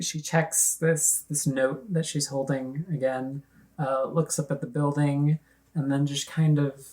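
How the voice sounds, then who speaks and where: A woman player describing her character in a tabletop game, unhurried and full of fillers. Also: deep voice, mellow.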